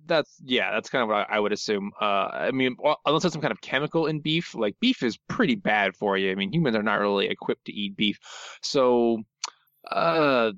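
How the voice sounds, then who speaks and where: A man's voice: lowish voice, expressive, brisk, a bit bright, no echo. Wry podcast cohost guy, kinda muffled dry audio. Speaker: podcast co-host. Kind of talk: casual chat. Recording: dull, dry sound.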